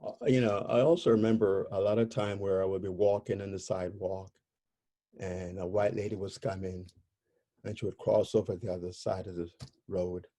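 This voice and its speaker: A man speaking as an interview guest, telling personal stories in a halting way, often searching for words. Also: low voice, little pitch movement, warm tone.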